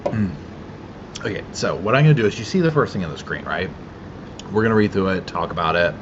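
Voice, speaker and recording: A chatty man with a Southern accent hosts a casual livestream, calling out viewers by name and laughing easily. His voice swings widely up and down in pitch. The audio is a bit dull and lo-fi, with a faint hiss underneath. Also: animated, fairly quick, pauses often. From Carolinas, US South. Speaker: livestream host. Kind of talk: casual live-chat livestream.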